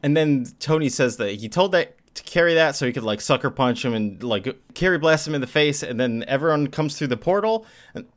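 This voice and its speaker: Guy on a podcast going through a comic plot, relaxed, laughs a lot, middle pitch. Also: a little fast. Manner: laid-back storytelling, laughs often. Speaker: podcast co-host. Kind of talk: casual comic book recap chat.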